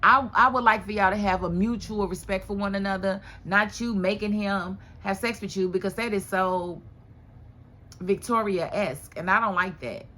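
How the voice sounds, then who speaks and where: A woman giving a casual, chatty recap of a TV drama episode, animated and full of rhetorical questions. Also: mid-range voice, normal speed. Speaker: TV show reviewer.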